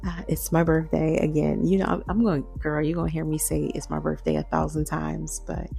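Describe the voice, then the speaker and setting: A woman in her forties hosting a late-night solo podcast from home, talking slowly and half-whispering as she reflects. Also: deep voice, level tone, vocal fry, warm tone, soft background music. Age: 40s. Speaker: podcast host.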